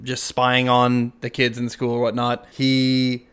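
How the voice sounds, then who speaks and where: A man's voice: medium pitch, monotone, slow pace, a bit bright, smooth. Chatty man recapping a movie. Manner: chatty, retells scenes with acted quotes. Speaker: podcast co-host. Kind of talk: casual film recap.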